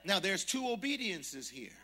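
A man preaching a storytelling sermon, swinging from muttered asides to shouted preaching and acting out the voices of people in his story. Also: high voice, very animated, measured pace.

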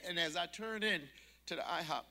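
A man preaching a storytelling sermon, swinging from muttered asides to shouted preaching and acting out the voices of people in his story. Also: high voice, a little fast, gravelly, noisy background.

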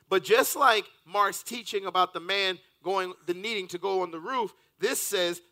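A man's voice: high-pitched, normal speed, few pauses, pushed and bright. A man preaching a fervent, rhythmic sermon in church, reading scripture aloud as pastor.

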